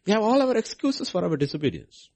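Man, preacher, sermon, rhetorical questions, raspy, gravelly. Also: high-pitched, sing-song, fast talker, a little mellow.

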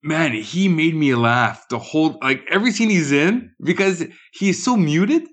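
A man's voice: fairly high pitch, expressive, unhurried, fairly bright tone, breathy edge. A man co-hosting a film podcast, chatting casually and animatedly, chuckling as he quotes scenes. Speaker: podcast co-host. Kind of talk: casual movie review chat.

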